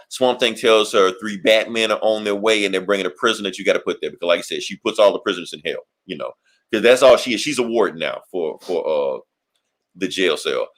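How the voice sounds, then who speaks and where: Profane, rambling male podcast host. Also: fairly low pitch. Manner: rambling, profane, laughs often. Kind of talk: casual comic review chat.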